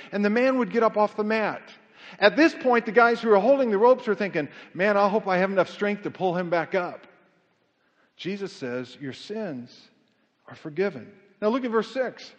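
A man's voice: sits high, long reverb tail, muffled recording. A pastor delivering a conversational sermon, asking the congregation rhetorical questions and often restarting his sentences.

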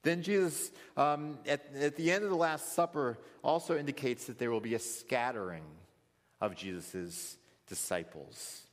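A man's voice: mid-range voice, a little slow. A man teaching a Bible study, explaining scripture thoughtfully and acting out quoted lines. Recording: long hall reverb.

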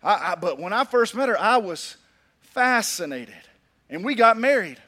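A man preaching a sermon in an unusually high, bright voice. He drives his points home through repetition and emphasis. He slips into humorous storytelling between scripture readings. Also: sing-song, moderate pace. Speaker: pastor.

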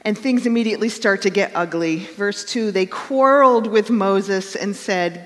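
A woman's voice: mid-range voice, expressive, a little slow, in a large hall. A woman pastor giving a conversational sermon and telling stories with acted quotes.

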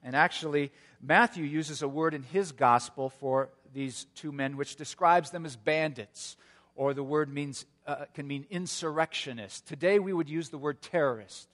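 A man's voice: on the high side, moderate pace. Preaching man in a reverberant church. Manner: earnest storytelling, gentle humor. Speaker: pastor. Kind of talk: sermon.

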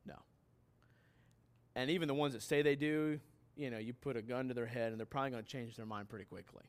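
A man's voice: medium pitch, steady tone, fast talker, clean tone. A man preaching a sermon as pastor, emphatic and putting questions straight to his listeners.

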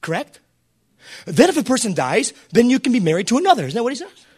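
A man preaching a sermon as pastor, swinging between shouted appeals and quiet asides and putting questions to the congregation. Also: extremely high pitch, huge pitch swings, fast talker, slightly rough. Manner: preaches with fervor and calls out to the listeners.

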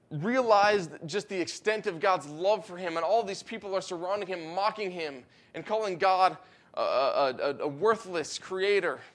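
High-voiced man preaching earnestly. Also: a bit bright. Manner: earnest preaching, rising emphatic peaks, slows for weight. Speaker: pastor. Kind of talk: sermon.

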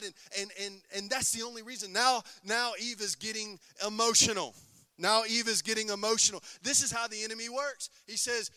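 A pastor preaches a sermon in a high, bright voice and keeps turning to his listeners with call-and-response questions. The sound is dry and close. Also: fairly quick, no echo.

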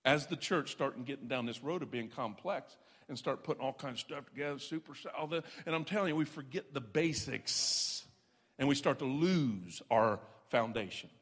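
A man's voice: mid-range voice, moderate pace, a bit bright, husky. A man preaching a sermon, folksy and self-deprecating, stressing points with repeated emphasis. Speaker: pastor. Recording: long reverb of a large hall.

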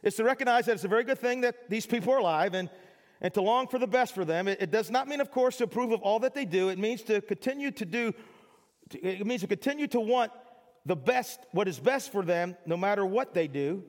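A man with a high voice preaches to his congregation in a loose, chatty way and acts out small everyday scenes for laughs. His words ring out with the long reverb of a church hall. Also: lively intonation, brisk. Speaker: pastor. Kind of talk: sermon.

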